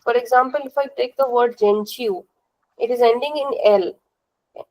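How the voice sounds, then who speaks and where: A woman's voice: fairly high pitch, unhurried, a little hiss or hum, poor audio. A young woman with an Indian accent teaching a language class, explaining step by step in a patient, repetitive way and checking in with questions.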